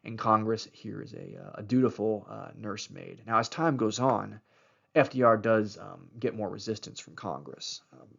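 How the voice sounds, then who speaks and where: Guy giving a history lecture, low gravelly voice, lots of ums, kinda dull lo-fi sound. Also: moderate pace, a bit bright. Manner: loose, many fillers, explains as he goes. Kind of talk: recorded lecture over slides.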